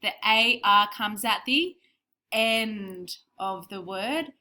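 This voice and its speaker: A woman co-teaching a recorded spelling lesson for young children, clearly explaining and sounding out words. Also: medium pitch, lively intonation, slow pace, pushed and bright. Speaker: primary school teacher.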